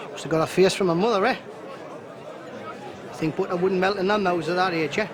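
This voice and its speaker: A man's voice: sits high, crowd noise, natural voice. An actor playing a cheeky Geordie club comedian who rattles off jokes and laughs at his own lines. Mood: chatty. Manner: quick patter with rising punchlines, laughs at his own jokes. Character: cheeky male club comic, brash and joking.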